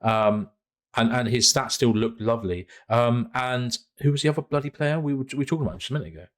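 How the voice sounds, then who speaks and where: A man's voice: mid-range voice, quick pace. A man co-hosting a football podcast, chatting casually in a rambling, slangy, jokey way. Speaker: podcast co-host. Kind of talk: casual chat.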